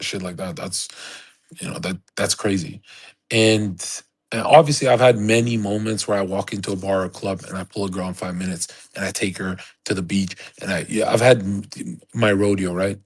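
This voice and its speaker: A man with a fairly low, husky voice, rambling through a story on his livestream. He brags freely and swears often, in loose, casual storytelling. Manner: profane, boastful, rambling.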